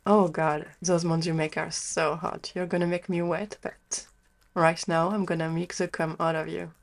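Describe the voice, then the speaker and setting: A young woman in an adult audio role-play, speaking to the listener as a doting girlfriend in a soft, affectionate way. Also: on the low side, level tone, moderate pace.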